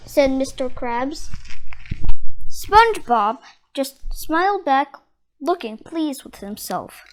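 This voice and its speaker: A storybook reader narrating a children's book aloud, gently and clearly. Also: high voice, big pitch swings, slow, long pauses.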